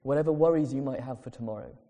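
A man preaching a sermon in a church, earnest and emphatic, slowing down on key phrases. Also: medium pitch, narrow, tinny audio. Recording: long reverb of a large hall.

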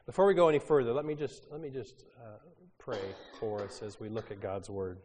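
A man preaching a sermon with a raspy, hoarse voice from a cold, talking conversationally with frequent fillers. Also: lowish voice, expressive, brisk, background noise. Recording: long reverb of a large hall.

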